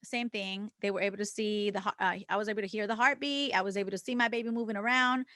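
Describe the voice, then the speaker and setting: A woman's voice: medium pitch, steady tone, quick pace, a bit bright, no echo, clean studio sound. A woman co-hosting a podcast, telling an emotional personal story with candid language and quoted back-and-forth dialogue. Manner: acts out quoted dialogue with others; casual swearing. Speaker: podcast co-host. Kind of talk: casual podcast conversation.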